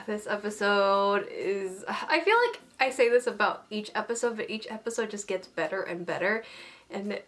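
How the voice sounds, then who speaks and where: A woman's voice: medium pitch, normal speed, a bit bright. A woman chatting casually as an anime reviewer, bubbly and gushing, full of filler words. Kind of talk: casual chat.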